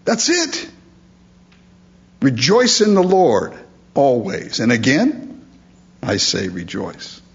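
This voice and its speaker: Male pastor, unhurried and earnest, preaching with lively rises and falls in pitch, slightly muffled lo-fi sound. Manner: earnest, emphatic preaching with rhetorical questions. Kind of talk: sermon.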